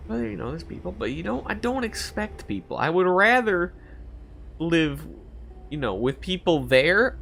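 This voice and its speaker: Faint game music sits under a young streamer's loose, laugh-filled storytelling as he plays, full of swearing and high-pitched impressions of quoted voices. A little hiss or hum is audible in the recording.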